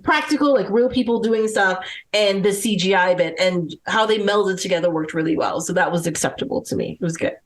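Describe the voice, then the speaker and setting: A woman's voice: medium pitch, fairly quick. A woman co-hosting a casual podcast chat, talking emphatically with lots of "like". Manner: emphatic, chatty, uses "like" a lot. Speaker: podcast co-host.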